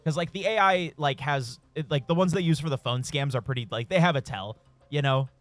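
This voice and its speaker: Chatty, profane streamer man, higher voice. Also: fairly quick, dry recording, soft background music. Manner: rambling, profane, chuckling. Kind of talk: casual storytelling while gaming.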